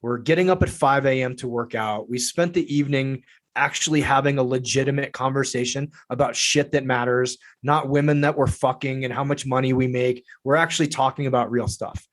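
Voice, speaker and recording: A man telling a story as a podcast guest, lively and profane. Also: mid-range voice, a little fast. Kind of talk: casual storytelling.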